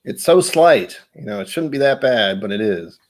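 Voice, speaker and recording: Deep voiced guy rambling on his stream, kinda tired voice, laughs a lot. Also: expressive, moderate pace. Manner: rambling, chatty, laughs often. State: voice a bit tired. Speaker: livestream host. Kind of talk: casual livestream chat.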